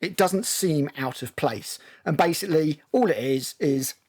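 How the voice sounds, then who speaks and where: A man's voice: fairly high pitch, lively intonation, a little slow, a little mellow, breathy edge. A man with a British accent hosting a casual film discussion, recapping scenes at length with many ums and restarts. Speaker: film review host.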